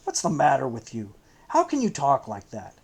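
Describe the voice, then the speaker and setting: A fatherly old rabbi, as an audiobook reader puts him on, speaks low and tender, coaxing his listener toward a confession. His tone is soft and pleading rather than stern, with a faint hiss of noise behind the reading. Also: huge pitch swings, moderate pace, vocal fry. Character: older male rabbi, gentle, troubled, fatherly.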